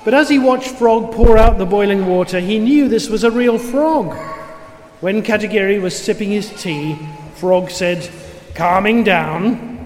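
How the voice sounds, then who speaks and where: A man reading a story aloud in a steady, clear manner with occasional asides. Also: sits high, a little slow. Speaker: reader. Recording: roomy with long reverb, faint noise.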